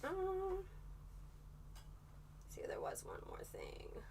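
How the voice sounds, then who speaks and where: A woman's voice: extremely high pitch, extremely slow, gravelly, in a whisper, far from the mic. A woman livestreaming in a casual chat, rambling and swearing freely as she tells her story. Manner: profane, rambling, animated storytelling.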